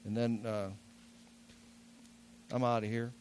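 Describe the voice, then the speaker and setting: A man's voice: medium pitch, level tone, takes it slowly, darkish tone, a little hiss or hum. An older man with a nasal voice preaching a sermon in a church, talking casually with jokes and repeating key words for emphasis. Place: church sanctuary.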